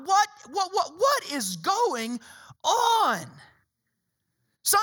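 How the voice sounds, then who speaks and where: A man preaching a sermon in church, animated and repetitive, rising at times to shouts. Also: very high voice. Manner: animated preaching, repeats phrases, rises to shouts. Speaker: pastor. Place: church hall.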